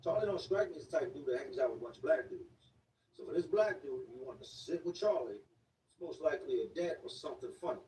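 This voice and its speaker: A man's voice: fairly high pitch, lively intonation, fast, dark tone. Slangy man telling a story in an echoey room. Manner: slangy, repetitive street talk. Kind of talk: casual storytime monologue. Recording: echoey room, distant mic, faint noise.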